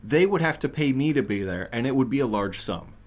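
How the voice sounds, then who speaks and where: A man's voice: mid-range voice, animated, brisk. A man co-hosting a podcast in casual chat, wry and jokey, musing aloud. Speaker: podcast co-host.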